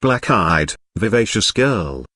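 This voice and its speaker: This is a text-to-speech man's voice narrating a novel. The melody rises and falls with plenty of movement, yet the delivery stays mechanical and even. The sound is dry, with no room around it. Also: on the low side, slow pace, no echo. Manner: even machine reading, dialogue in the same voice. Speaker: audiobook narrator. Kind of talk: synthetic audiobook narration. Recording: dry synthetic voice.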